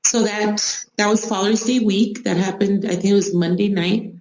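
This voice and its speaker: A woman telling a personal story in a casual, animated way, acting out the people she quotes. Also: medium pitch, normal speed, reverberant, low-quality recording. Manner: animated, laughing, acts out quoted speech. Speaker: guest sharing a personal story.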